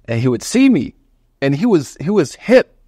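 A man's voice: on the high side, big pitch swings, moderate pace, dark tone, dry recording, studio quality. A middle-aged man from Oklahoma, a Muslim preacher giving a lecture to a congregation, telling stories animatedly with slang and humor. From Oklahoma, USA.

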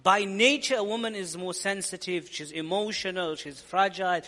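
A man's voice: sits high, moderate pace, pushed and bright, long reverb tail. A man giving an earnest, explanatory sermon-style lecture as a preacher, often repeating phrases for emphasis. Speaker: Islamic preacher.

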